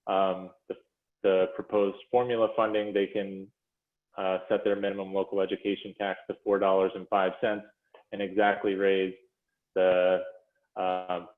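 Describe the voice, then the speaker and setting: A man presenting figures to a commission in a measured, explanatory way, with frequent fillers and self-corrections, speaking over a video call. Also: on the low side. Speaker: presenter to a school funding commission. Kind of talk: policy presentation walking through slides. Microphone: video call audio. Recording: phone-like echoey video call audio.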